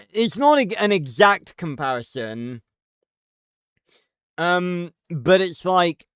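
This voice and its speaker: Male streamer, unhurried rambling rant, dry close sound. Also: on the high side, smooth, no echo. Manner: rambling, profane, many fillers and restarts. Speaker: livestreamer. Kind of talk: casual live-stream commentary.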